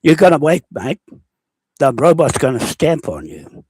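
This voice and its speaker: A man's voice: on the high side, very animated, a little slow, darkish tone, husky, dry recording. A man from New Zealand with a New Zealand accent, leaving a rambling, indignant spoken message as a self-described landowner, repeatedly asking "okay?". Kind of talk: recorded spoken message, unscripted rant.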